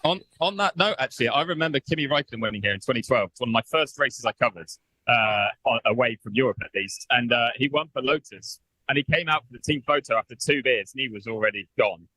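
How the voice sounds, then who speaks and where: Man, on-site radio reporter, chatty, bright voice, dry sound. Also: mid-range voice, quick pace, breathy edge, no echo, poor audio. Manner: chatty, hesitant with many fillers. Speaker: on-site pit lane reporter.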